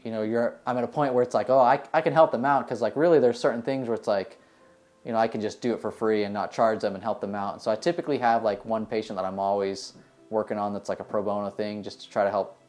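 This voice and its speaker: A man from the United States, a dentist, answering interview questions in a relaxed, rambling way with many fillers. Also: on the low side, quick pace. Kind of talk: casual interview answers, storytelling.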